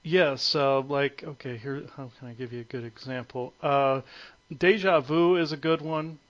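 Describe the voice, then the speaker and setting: A man of medium pitch speaks as a guest on a call, halting often on fillers and restarting his sentences. His voice comes through dull and muffled, like lo-fi phone audio. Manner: hesitant, many fillers and restarts. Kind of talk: conference call interview.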